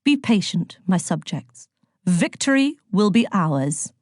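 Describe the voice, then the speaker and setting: A woman voicing a commanding male demon lord of death in a storybook, speaking forcefully and proclaiming. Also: fairly low pitch, very animated, slow, no echo, clean studio sound, heavily acted.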